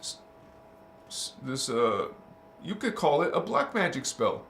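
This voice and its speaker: High-voiced man hosting a chatty spiritual livestream. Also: very animated, a little slow, gravelly, fairly bright tone, a little hiss or hum. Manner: emphatic, chatty, calls listeners honey and baby, laughs often. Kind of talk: casual livestream talk reading chat. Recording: roomy echo.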